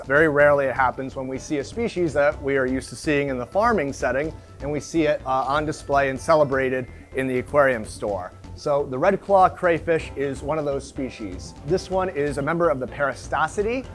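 Male host, casual explainer, slightly higher voice, upbeat and chatty, faint music behind. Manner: chatty and enthusiastic, with frequent "uh" fillers. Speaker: aquarium store video host.

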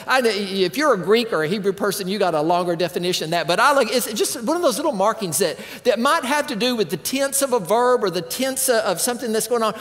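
Animated preaching man in a reverberant church. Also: very high-pitched. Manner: animated, conversational preaching with asides to the congregation. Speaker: pastor. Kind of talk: sermon. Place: church sanctuary.

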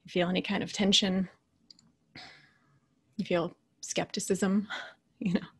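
Keynote speaker, woman, thirties to forties, mid-pitched voice, conversational motivational talk that moves between lively storytelling and hushed asides. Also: a little slow, husky. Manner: conversational and animated, dropping to quiet, hushed asides. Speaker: keynote speaker and leadership coach.

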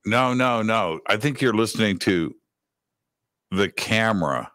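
A man's voice: fairly low pitch, animated, unhurried, fairly bright tone, dry recording, studio quality. A man co-hosting a live talk show, chatting casually and rambling with lots of fillers. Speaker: radio host, co-host.

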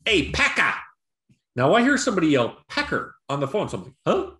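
A man's voice: on the high side, rapid-fire, echoey room. A man co-hosting a podcast, chatting casually and rambling through a show review with profanity and acted-out quotes. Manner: rambling, profane, animated retelling with impressions. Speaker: podcast co-host. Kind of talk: casual chat, movie review. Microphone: video call.

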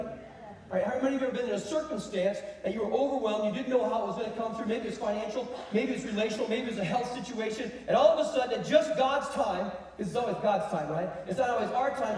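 A male pastor preaching an animated sermon, repeating phrases and calling for responses from the congregation. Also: high-pitched, a little hiss or hum. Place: church sanctuary. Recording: echoey hall recorded from far off.

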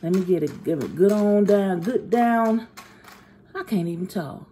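A woman's voice: mid-range voice, expressive, unhurried, dark tone, slight background noise. A playful woman vlogger reviewing food, talking straight to her viewers and pretending to be a seven-year-old kid.

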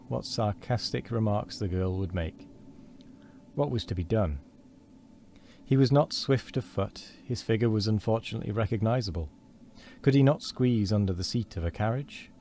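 A man reading a storybook aloud on a stream, measured and steady with small slips and restarts. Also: lowish voice, slight background noise.

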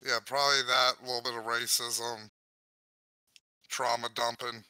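A man's voice: mid-range voice, little pitch movement, normal speed, sharp tone, clean tone, no room sound, rough recording. A man co-hosting a casual podcast, joking, crude and blunt. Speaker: podcast co-host.

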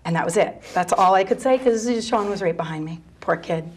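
A middle-aged mother telling a personal story in an interview, soft-spoken and halting, sometimes dropping to a near whisper. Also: fairly low pitch, lively intonation, slightly rough. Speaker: mother of a gay teen son; interview guest.

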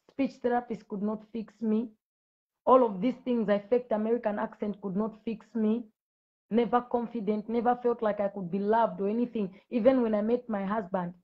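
A woman's voice: on the high side, narrow, tinny audio. A woman in her late thirties giving a fervent live-stream testimony, preaching and scolding commenters directly. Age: late 30s. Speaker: Christian ministry host.

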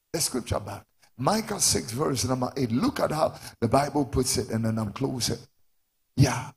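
A man with a Ghanaian accent preaching a sermon in church, now and then shouting for emphasis. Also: mid-range voice, vocal fry, breathy edge.

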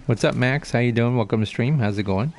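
A man's voice: medium pitch, brisk. A man streaming a game live, chatting casually and greeting viewers by name on a desk mic. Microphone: desk mic, no headset.

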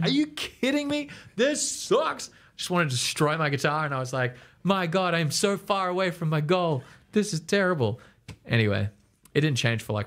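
Chatty young man coaching singing. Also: a bit bright. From Australia. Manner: rambling, chatty, laughs often, mimics reactions in a high squeal. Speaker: music coach. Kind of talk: casual video lesson.

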